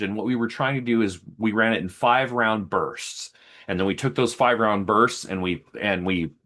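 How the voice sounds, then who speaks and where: A man's voice: on the low side, fairly bright tone. A man hosting a video, walking methodically through test numbers step by step and explaining each one to viewers. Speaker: host comparing rifles.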